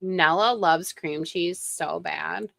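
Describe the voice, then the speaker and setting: A woman's voice: lowish voice, takes it slowly, creaky, fairly bright tone, no room sound, faint music behind. A woman streamer giving snarky, gossipy commentary while reacting to videos.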